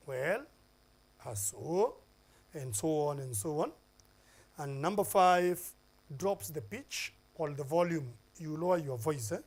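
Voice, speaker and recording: A Kenyan man teaches an oral English lesson for television. His voice sits a little high, and he walks through numbered points with emphatic stress and frequent "uh"s. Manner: emphatic, lists points one by one with fillers.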